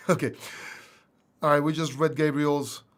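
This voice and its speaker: Guy with a bit of a greek accent doing a livestream q&a, kinda high voice, super chatty. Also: little pitch movement, a little slow, fairly bright tone. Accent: slight Greek. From England. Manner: chatty, reads viewer questions aloud, often says "man". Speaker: livestream host. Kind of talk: casual livestream Q&A.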